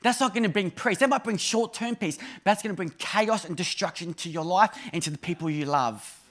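A man in his thirties delivering a sermon with a high, light voice. His manner is chatty and funny, swinging between emphatic bursts and hushed asides. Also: fairly quick. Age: 30s. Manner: conversational and humorous, with sudden emphatic rises and soft drops. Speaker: preacher.

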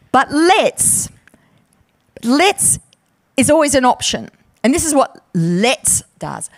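A woman delivers a sermon as a visiting preacher, her high voice swooping with lively ups and downs. She jokes and chats with the congregation between points. The sound is close and dry, with no room echo. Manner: playful, chatty, jokes with the congregation. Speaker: guest preacher.

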